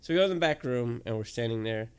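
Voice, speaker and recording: A man, a podcast co-host telling stories in casual, swearing, animated chat. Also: mid-range voice, fast, smooth.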